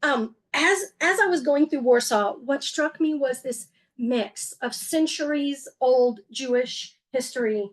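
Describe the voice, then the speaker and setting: A woman giving a slideshow talk to an audience, conversational and earnest, with wry humor and frequent fillers and self-corrections. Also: sits high. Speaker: museum executive director giving a talk.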